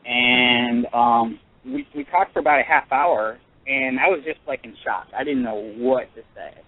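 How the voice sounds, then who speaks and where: Halting male caller over a tinny phone line. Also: mid-range voice, animated. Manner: halting, earnest, full of pauses and restarts. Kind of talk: telling a personal story on a radio call-in.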